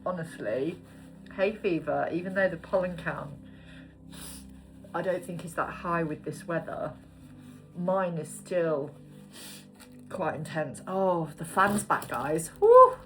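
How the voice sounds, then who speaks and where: A woman's voice: fairly low pitch, fairly bright tone. A British woman in her forties doing a casual tarot reading, chatty and given to swearing and tangents. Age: 40s. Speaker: tarot card reader.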